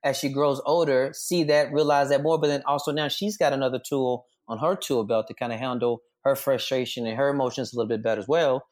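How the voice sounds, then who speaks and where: A man in his thirties, a comedian guest on a podcast, talking energetically and encouragingly. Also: medium pitch. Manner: energetic, affirming, quick interjections. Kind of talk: casual chat.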